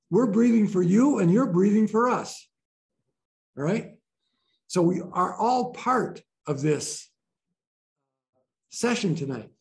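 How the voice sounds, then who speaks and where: Gentle, slow-talking man teacher. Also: sits high. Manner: gentle, playful, laughs often. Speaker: breathwork teacher. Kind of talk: informal group teaching talk. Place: training room with a group.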